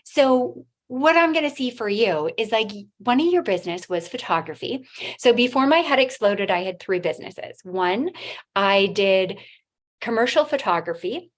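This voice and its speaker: A woman in middle age speaks English with a non-native accent, pitched a little above the usual. She gives a motivational talk on stage, halting and restarting. She acts out what others said as she tells her story. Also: animated. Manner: halting, with restarts and acted-out quotes.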